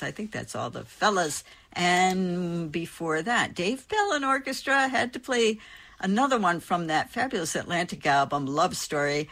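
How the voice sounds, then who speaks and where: A woman's voice: on the low side, a bit bright. A woman hosting a music radio show, back-announcing records in a chatty, enthusiastic way with little asides.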